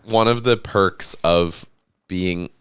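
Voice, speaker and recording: A man's voice: low-pitched, takes it slowly, fairly bright tone, a little hiss or hum. A man, a podcast guest, telling stories in a laid-back casual chat and laughing often. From United States.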